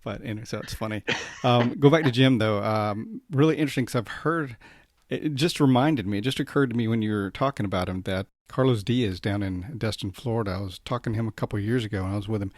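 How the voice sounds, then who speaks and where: A man hosting a podcast in relaxed, casual chat, often restarting his sentences. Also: lowish voice, quick pace, no echo, studio quality. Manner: relaxed, conversational, many restarts. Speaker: podcast host.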